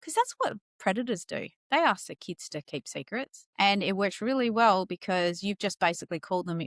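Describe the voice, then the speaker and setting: A middle-aged woman, hosting a casual podcast conversation and telling stories in a lively way. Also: mid-range voice, brisk, dry recording, studio quality. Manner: animated storyteller, acts out quoted dialogue. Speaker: podcast host.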